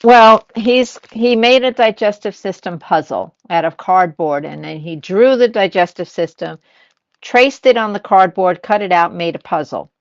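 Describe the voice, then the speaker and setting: A woman's voice: mid-range voice, animated, moderate pace, no echo, lo-fi sound. An older woman chatting casually as a host, telling family stories and acting out what people said. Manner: storytelling, acts out quoted lines. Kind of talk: casual chat.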